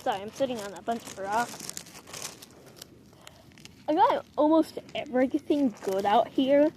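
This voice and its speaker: Young female vlogger, high-pitched, chatty and rambling, recording outdoors. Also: expressive, a little slow, warm tone, a little hiss or hum. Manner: chatty and rambling, with frequent apologies. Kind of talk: casual outdoor vlog chat. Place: outdoors in the cold, sitting on rocks.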